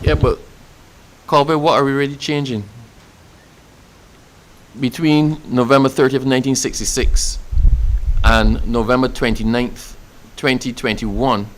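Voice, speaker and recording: A man from Barbados with a Barbadian accent, answering an interviewer in a passionate, emphatic way and repeating phrases for effect. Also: medium pitch. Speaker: official speaking about national celebrations.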